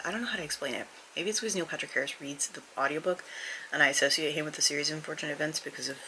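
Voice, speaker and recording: A woman's voice: low voice, pushed and bright, slight background noise, poor audio. A woman book vlogger chatting candidly and rambling about her reading, recorded on a camera mic at home. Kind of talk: casual vlog chat.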